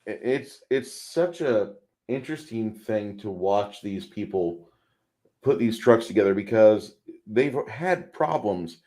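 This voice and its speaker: A man's voice: on the low side, animated, takes it slowly, warm tone. A man co-hosting a casual movie podcast, rambling with frequent restarts and putting on voices for quotes. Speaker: podcast co-host; truck driver.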